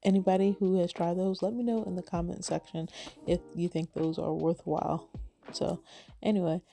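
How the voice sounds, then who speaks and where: A woman's voice: lowish voice, fairly even intonation, moderate pace, vocal fry, mellow, faint music behind. A woman card-making crafter talking through her project in a chatty, rambling way with lots of fillers. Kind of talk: casual craft voice-over.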